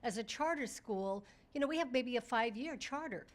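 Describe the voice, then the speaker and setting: A woman who leads a charter school, speaking bluntly in a meeting and arguing her point with halting restarts. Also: on the high side, expressive. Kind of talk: meeting discussion. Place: conference room.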